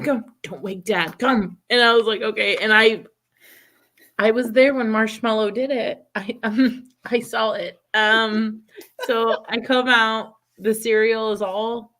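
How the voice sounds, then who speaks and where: A woman in her thirties chats casually at a medium pitch. She tells stories with easy momentum and breaks into laughter often. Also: fairly bright tone. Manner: chatty storyteller, laughs often. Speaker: podcast co-host. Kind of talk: casual chat.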